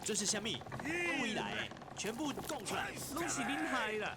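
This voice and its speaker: An actor playing a terrified male sailor in a video game, shouting frantic warnings. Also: sits high, huge pitch swings, normal speed. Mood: panicked. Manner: frantic, panicked. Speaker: game character. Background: game music.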